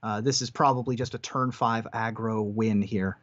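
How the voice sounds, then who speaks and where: A man's voice: fairly low pitch, fairly even intonation, moderate pace, fairly bright tone. A man commentating a card game tournament live, giving analytical play-by-play. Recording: dull lo-fi stream audio.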